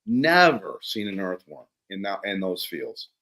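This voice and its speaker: Man, podcast host, animated storyteller, lively swooping intonation, casual chat. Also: deep voice, unhurried, low-quality recording. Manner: animated storyteller who acts out quotes.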